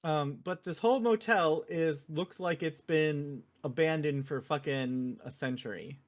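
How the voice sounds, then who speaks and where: A woman's voice: deep voice, a little slow. A woman hosting a casual podcast, telling the story of a video game scene by scene. She swears freely and leans on fillers as she goes. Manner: profane, animated storytelling with many fillers. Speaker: podcast host.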